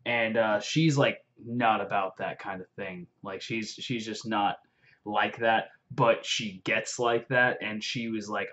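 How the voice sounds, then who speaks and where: A man's voice: lowish voice, takes it slowly. Rambling young man, lo-fi audio. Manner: excited, rambling, heavy swearing and fillers. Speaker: vlogger. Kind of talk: casual book recap. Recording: dull lo-fi audio.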